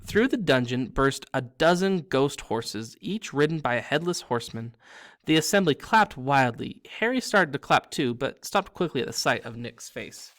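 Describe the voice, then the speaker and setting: A man narrates a story aloud at an even, steady pace. His voice sits at a middle pitch, and he makes small slips and restarts as he reads. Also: moderate pace. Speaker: reader.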